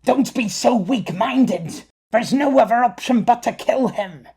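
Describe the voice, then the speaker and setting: A man voicing a snarling high-pitched voice in the head. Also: lively intonation, slow pace, slightly rough, heavily acted. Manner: snarling, yelling.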